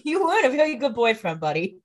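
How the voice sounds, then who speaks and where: A young woman chimes in with playful, jokey remarks as a podcast co-host. Her pitch moves a lot and sounds lively. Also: fast talker. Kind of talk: casual chat.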